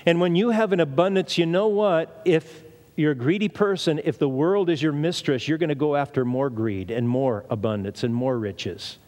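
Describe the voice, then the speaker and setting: A man's voice: fairly high pitch, normal speed, a little mellow. A man preaching a sermon in an emphatic way, repeating phrases and asking rhetorical questions. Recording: long reverb of a large hall.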